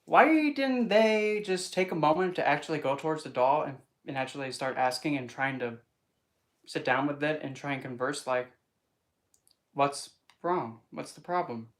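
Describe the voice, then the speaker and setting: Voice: mid-range voice, normal speed. A vlogger talking casually to camera in a chatty, rambling and playful way, often breaking into put-on voices. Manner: playful, wordplay and asides. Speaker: spiritual vlogger.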